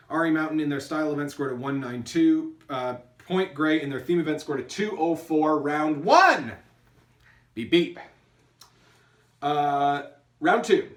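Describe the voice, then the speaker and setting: A man's voice: fairly high pitch, recorded from a distance. Chatty upbeat male host in an echoey room. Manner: chatty and upbeat, many fillers and restarts. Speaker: host announcing tournament scores. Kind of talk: casual online awards announcement. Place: apartment.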